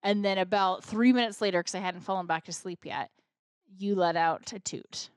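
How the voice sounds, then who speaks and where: A woman's voice: medium pitch, moderate pace, clear, resonant tone, dry recording, studio quality. A woman co-hosting a podcast, chatting casually and teasing her co-host, often laughing. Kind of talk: casual chat. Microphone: studio mic.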